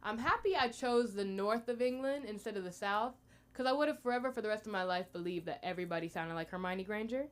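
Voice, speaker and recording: A woman's voice: mid-range voice, fast, smooth. A young American woman doing rambling stand-up at an open mic, chatty and full of fillers. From United States. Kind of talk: stand-up comedy.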